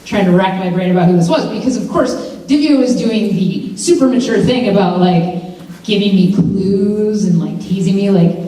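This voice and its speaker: A woman's voice: mid-range voice, moderate pace, distant mic. Chatty woman in an echoey hall. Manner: chatty, animated, lots of "like" and "um". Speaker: mental health speaker. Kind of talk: personal storytelling talk to students. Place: large university lecture hall.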